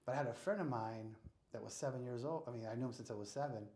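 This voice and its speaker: A man's voice: medium pitch, fast talker. American man telling a story in a roomy space. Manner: animated storyteller acting out dialogue. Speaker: real estate investor guest. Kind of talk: casual storytelling interview. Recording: roomy echo.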